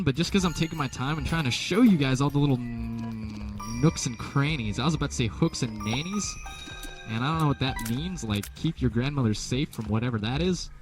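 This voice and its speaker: Rambling, jokey young man commentating gameplay. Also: mid-range voice. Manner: rambling, jokey, self-deprecating. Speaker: let's play commentator. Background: game music.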